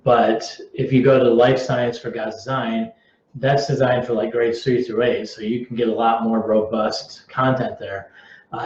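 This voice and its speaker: A man's voice: medium pitch, darkish tone, slight background noise. A man answering homeschool viewers' questions in a casual live-stream Q&A. He talks conversationally, often restarting his sentences and using filler words. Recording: roomy, slightly dull live-stream audio.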